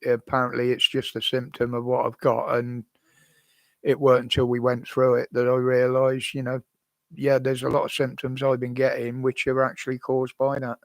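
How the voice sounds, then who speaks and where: An older British man from the United Kingdom hosts a live stream from home on a desk microphone, chatting casually and ramblingly with viewers and answering their questions while chuckling often. His medium-pitched voice is monotone, with vocal fry and a moderate pace, and there's no room sound.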